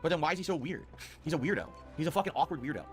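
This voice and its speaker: A man's voice: a little high, expressive, very fast. A man streaming a game, rambling in exasperated commentary. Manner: rambling, exasperated, playful sound effects. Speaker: gaming streamer. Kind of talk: livestream gameplay commentary. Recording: stream clip with game music.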